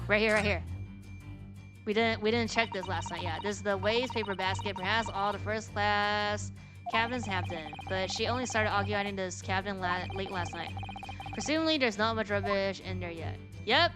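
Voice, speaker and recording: A woman streaming a game, thinking aloud and reading the dialogue out loud. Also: medium pitch, normal speed. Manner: thinks aloud, reads game lines in a plain voice. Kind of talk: let's play with read-aloud dialogue. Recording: game music behind the voice.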